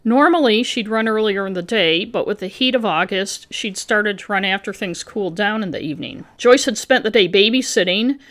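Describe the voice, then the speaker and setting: A woman's voice: medium pitch, moderate pace, few pauses, fairly bright tone. A woman hosting a podcast, reading her own true-crime script with casual asides to her co-host. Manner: reads a researched script with asides.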